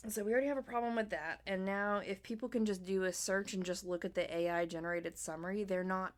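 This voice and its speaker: A young adult woman co-hosting a podcast in casual chat, telling stories and acting out quotes with lively shifts. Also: fast. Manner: animated storyteller, acts out quotes in a high voice. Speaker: podcast co-host.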